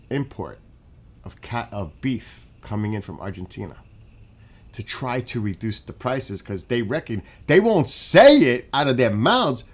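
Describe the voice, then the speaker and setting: A man streaming and ranting in a casual monologue, animated and swearing. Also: mid-range voice.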